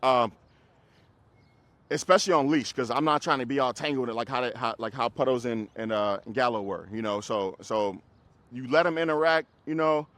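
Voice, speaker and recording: A man who trains dogs, coaching a group class in a casual, hands-on way, giving quick commands to dogs and explanations to owners. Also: mid-range voice, fairly bright tone. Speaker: dog trainer.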